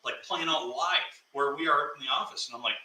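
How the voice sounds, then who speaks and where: Bright-voiced man telling a funny work story. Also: fairly high pitch, fairly quick. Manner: animated, laughs through his story. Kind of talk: casual storytelling chat. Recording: echoey room, mic at a distance.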